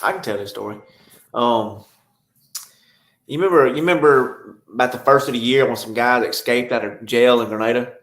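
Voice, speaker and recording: A man's voice: medium pitch, normal speed, a bit bright, reverberant. A man, a podcast guest who is a game warden, telling stories in easy, drawling casual chat and laughing often.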